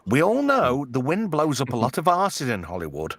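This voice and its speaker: A man co-hosting a casual late-night stream, wildly swooping up and down in pitch as he jokes and swears. His voice sits in a middle register. The sound is dry and close, with no room around it. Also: normal speed, no room sound. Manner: swearing, joking, lively impressions. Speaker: co-host reading chat.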